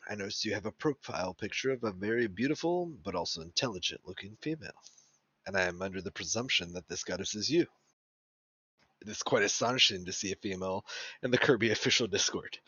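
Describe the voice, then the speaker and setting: A man's voice: fairly low pitch, expressive, fast, pushed and bright, slightly rough, no echo. A man co-hosting a casual online show, reading a chat message aloud in an exaggerated, pompous, mock-formal manner. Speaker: podcast co-host. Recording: dry, dull lo-fi voice-chat audio.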